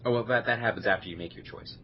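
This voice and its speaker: A man's voice: medium pitch, very fast, dull audio, slight background noise. A man co-hosting a casual gaming podcast, sarcastic and teasing. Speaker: podcast co-host.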